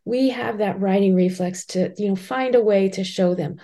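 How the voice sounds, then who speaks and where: A woman's voice: mid-range voice, moderate pace, warm tone. A woman hosting a podcast, asking questions in a casual way with lots of "like" and "right?". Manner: casual, uses "like" and "right?" often. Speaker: podcast host. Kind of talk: conversational interview.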